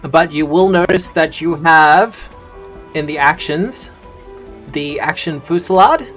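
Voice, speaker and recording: An easygoing man running a tabletop game as game master. His voice sits a touch higher than most men's as he lays out the rules step by step, with relaxed fillers along the way. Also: takes it slowly, faint music behind.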